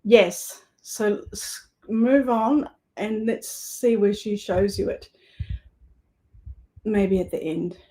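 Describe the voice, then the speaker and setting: A woman's voice: medium pitch, slow, long pauses, warm tone. A woman with a New Zealand accent hosting a craft livestream, chatting casually with viewers and laughing easily. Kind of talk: casual live chat while crafting.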